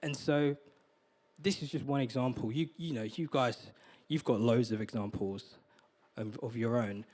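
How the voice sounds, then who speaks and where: A man's voice: medium pitch, steady tone, moderate pace, a little mellow. A man preaching as a guest speaker, earnest and confessional, often stumbling and repeating words. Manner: heartfelt and confessional. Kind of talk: sermon.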